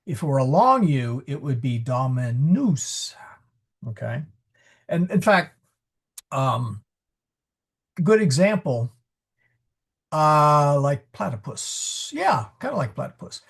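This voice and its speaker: A man's voice: on the high side, very animated, slow pace, long pauses, fairly bright tone, husky. A man teaching Latin pronunciation in an online class over a video call, chatty and correcting himself as he goes. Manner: chatty, self-correcting, joking aside. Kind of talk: online class lesson with questions.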